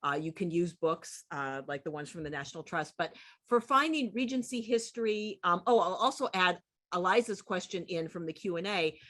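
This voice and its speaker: A woman's voice: lowish voice, expressive, moderate pace, a bit bright. A woman hosting an author event, affirming what the guest says and gathering the audience's questions together. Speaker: event host. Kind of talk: moderating a Q&A.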